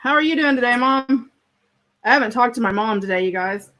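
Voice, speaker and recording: Her voice is a little high, brisk, and sharp-toned, and she sounds animated as she hosts a home craft livestream. Friendly and talkative, she laughs readily and reads viewers' comments aloud during casual chat with her live audience.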